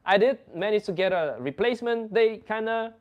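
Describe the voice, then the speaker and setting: A high-pitched young man from the Netherlands hosts a casual chat at a moderate pace, heard through dull audio. He tells stories animatedly, cursing and laughing freely.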